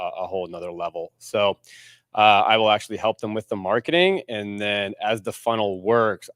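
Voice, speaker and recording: A man's voice: lowish voice, fairly bright tone, dry recording. A man introducing himself as a marketing consultant at a networking meetup, loose and rambling.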